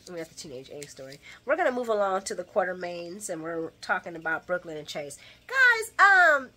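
Bright-voiced woman doing a chatty recap. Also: mid-range voice. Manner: animated and opinionated, talks to viewers as guys and y'all, acts out retorts. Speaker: soap opera recap host. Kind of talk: casual chat, daily show recap.

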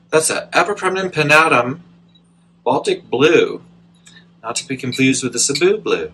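A plant vlogger films a casual unboxing at home, excitedly gushing and talking right to the camera. His medium-pitched voice comes at a moderate pace from a distant mic, with slight background noise on a low-quality recording.

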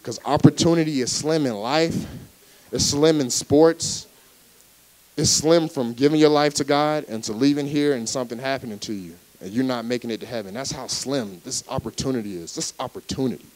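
A man's voice: medium pitch, rough recording. Young man preaching his testimony. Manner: emphatic, repeats key phrases, builds to loud exclamations; conversational asides and chuckles. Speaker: guest speaker at a church service. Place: church service before a live congregation.

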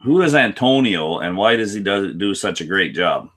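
Male guest, slightly low voice, deadpan and playful, casual banter. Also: moderate pace. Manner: deadpan, plays dumb, greets viewers by name. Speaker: guest on a whisky stream. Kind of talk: casual live-stream banter.

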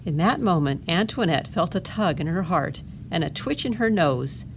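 A woman librarian reads a picture book aloud for a family storytime, with a fairly low voice. She pauses often for gentle asides to the children. A faint hiss runs under the reading. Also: expressive, creaky.

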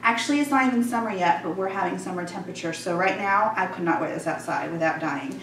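A woman's voice: fairly low pitch, quick pace, fairly bright tone. A young woman chats through a try-on haul, gushing and full of casual fillers. She sounds slightly out of breath. Her voice comes from a few steps back in a roomy, echoing bedroom with a faint hum behind. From Georgia, US Southern. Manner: chatty, gushing, many "like" fillers. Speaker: fashion vlogger. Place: warm bedroom at home. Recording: echoey room, voice a bit far off.

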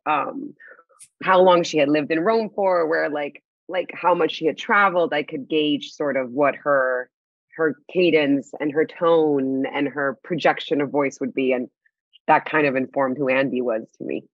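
A woman guest in a casual interview, talking in an animated way, laughing often and restarting her sentences. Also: deep voice, measured pace, dry recording, lo-fi sound. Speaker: actress guest.

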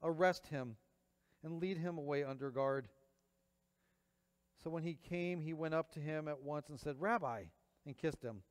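A man's voice: on the high side, a little slow, long pauses, clear, resonant tone. A man reading scripture aloud and preaching, acting out the quoted lines dramatically. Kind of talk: Bible reading and sermon. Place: church. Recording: long church reverb.

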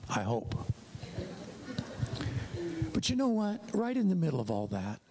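A man's voice: unhurried, noisy background. Older preacher telling his story animatedly. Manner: animated storytelling, big pitch swings. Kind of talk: sermon testimony.

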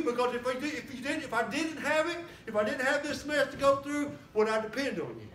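A man preaching a sermon as a guest pastor, fiery and rising to shouts and whoops. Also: extremely high pitch, expressive, fast, few pauses, slight background noise. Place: church sanctuary. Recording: roomy church from far off.

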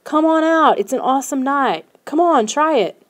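A woman's voice: sits high, lively intonation, moderate pace, voice pushed up. A woman doing a bold, restless boy. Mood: eager. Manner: eager, pushy, shouting.

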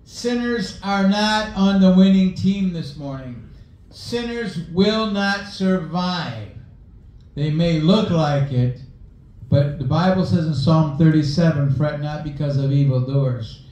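A man's voice: fairly high pitch, slow, darkish tone, heavy reverb, rough recording. A male pastor preaching a sermon, mixing scripture reading with folksy personal stories.

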